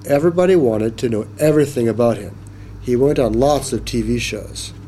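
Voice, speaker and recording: A man reading a children's story aloud in a slow, expressive manner. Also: medium pitch, a little hiss or hum.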